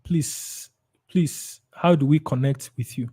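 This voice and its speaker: A man's voice: medium pitch, takes it slowly, warm tone, breathy edge. A man with a Nigerian accent leading a sales training webinar, emphatic and repeating his key points.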